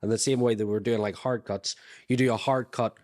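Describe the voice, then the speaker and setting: A man's voice: on the low side, steady tone, brisk, darkish tone. A man co-hosting a podcast, agreeable and thinking aloud with plenty of fillers in casual brainstorming. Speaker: podcast co-host.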